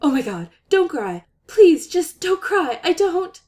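A woman voicing an excitable, babbling young woman who panics and snaps back loudly in a read-aloud story. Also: sits high, voice pushed up. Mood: panicky. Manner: rapid flustered babble, loud outbursts.

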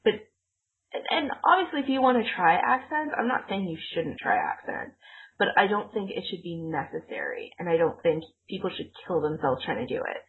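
Co-hosting a casual podcast chat, this woman speaks with a fairly low pitch, lively intonation and a fairly quick pace. She rambles, laughs often and corrects herself, and the audio sounds tinny, like a phone.

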